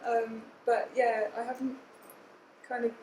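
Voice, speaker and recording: A woman's voice: a little high, flat delivery, unhurried, warm tone. A woman in a conference audience asking a question, hesitant and searching for words. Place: conference hall. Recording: distant, echoey hall mic with faint noise.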